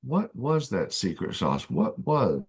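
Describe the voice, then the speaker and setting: Lively, slightly husky male host. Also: fairly low pitch, takes it slowly. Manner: affirming, lively, thinks aloud with restarts. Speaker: podcast host. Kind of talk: conversational interview.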